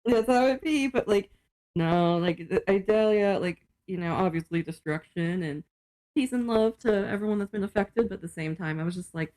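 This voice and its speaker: A woman's voice: medium pitch, normal speed, mellow. A woman from Florida, co-hosting a podcast in casual chat, swearing and saying "like" a lot. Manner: chatty, swears, lots of "like". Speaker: podcast co-host.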